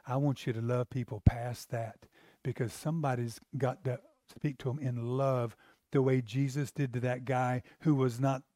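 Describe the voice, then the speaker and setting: A man's voice: medium pitch, darkish tone, no room sound. Emphatic male pastor in a dry room. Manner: emphatic, exclamatory, conversational. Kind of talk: sermon.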